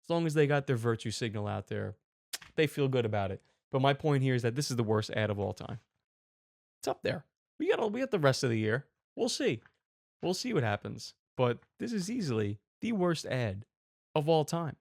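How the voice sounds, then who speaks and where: A man's voice: medium pitch, sing-song, a little fast, gravelly, darkish tone, no echo, clean studio sound. A man in his twenties hosting a commentary show, ranting angrily and sarcastically with lots of swearing. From United States. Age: 20s. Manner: angry, profane, sarcastic.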